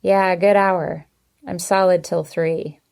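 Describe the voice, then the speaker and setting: A woman reading an audiobook, voicing a charming, easygoing young man who speaks in a relaxed, wry way. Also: lowish voice, slow pace, gravelly, clean tone. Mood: playful.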